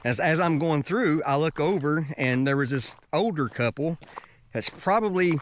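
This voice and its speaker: A man's voice: fairly high pitch, moderate pace, a little hiss or hum. A man telling a travel story in a casual, rambling way, with many restarts. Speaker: travel vlogger.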